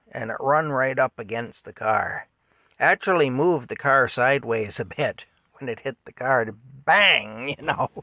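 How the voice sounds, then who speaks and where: A man's voice: medium pitch, gravelly, pushed and bright, no echo. A man casually telling a rambling story at home, with chuckles and fillers. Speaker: vlogger telling stories.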